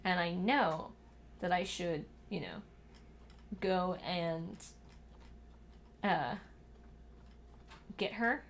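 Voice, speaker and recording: Very slowly and with frequent pauses, a young woman with a lowish, gravelly voice chats on a livestream while building in a game at her home desk. She mutters to herself and scolds her cat in exasperated asides. Slight background noise is audible.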